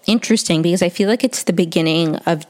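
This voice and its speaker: A young woman giving a chatty, casual episode-by-episode TV recap, peppering her talk with "like". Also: on the low side. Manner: chatty, says "like" often, quick quoting asides. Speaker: TV recap reviewer.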